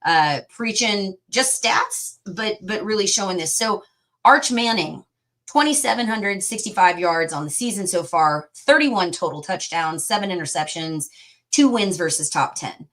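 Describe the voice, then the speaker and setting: A woman co-hosts a casual sports podcast at a middling pitch. She talks emphatically and lets sarcastic asides slip in. She sounds loose and conversational. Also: lively intonation, unhurried, fairly bright tone. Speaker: podcast co-host.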